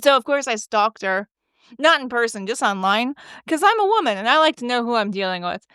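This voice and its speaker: A woman's voice: on the high side, expressive, fairly quick, fairly bright tone, clean tone, no room sound, studio quality. A woman podcast host telling a chatty, gossipy story, laughing often and filling her talk with likes. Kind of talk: casual storytelling monologue.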